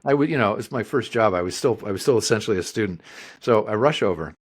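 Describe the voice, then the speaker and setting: A man with a fairly low voice spins a casual anecdote on a chatty podcast. He draws the story out and drops in wry comic asides as he goes. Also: expressive, fast. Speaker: podcast co-host.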